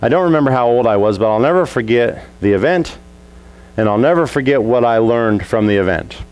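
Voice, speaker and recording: A male pastor delivers a sermon through a childhood story, acting out each scene as he tells it. His voice sits at an ordinary middle pitch for a man, and he slips into quick impressions of the people in the story. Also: smooth, highs cut off. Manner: animated, acts out family scenes with voices.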